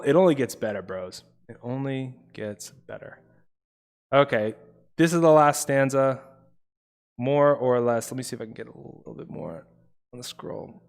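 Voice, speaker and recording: Casual young male tutor chatting with his stream. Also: mid-range voice. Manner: casual, chatty, talks to chat as "bros". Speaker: online tutor. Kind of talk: live-streamed study session.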